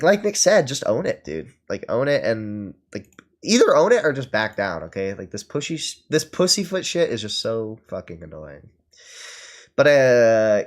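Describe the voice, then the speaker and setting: Male streamer, sarcastic rant, swearing, filler-heavy, medium pitch. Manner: profane, sarcastic, lots of fillers. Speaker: streamer reacting to a podcast. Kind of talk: casual ranting commentary.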